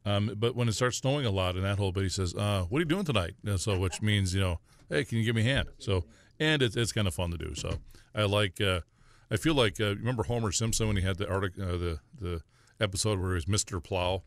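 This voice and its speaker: Folksy deep-voiced man on call-in radio. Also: brisk, no room sound. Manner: folksy, rambling, frequent fillers. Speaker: financial advisor radio guest. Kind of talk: casual call-in radio chat.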